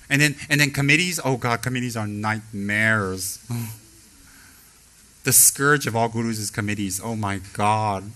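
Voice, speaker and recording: A man giving a Buddhist teaching as a sermon, animated and acting out voices. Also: medium pitch, moderate pace.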